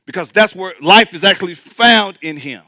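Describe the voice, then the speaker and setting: A man's voice: high voice, expressive, normal speed, pushed and bright, no echo, clean studio sound. A male pastor preaching a sermon to his church, in a colloquial, joking way.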